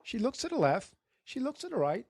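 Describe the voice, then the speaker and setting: A man who is a podcast guest telling a long story in a casual way. He is animated, acts out the people in his story and laughs often. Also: very high-pitched, brisk, vocal fry, slightly rough, no echo, clean studio sound.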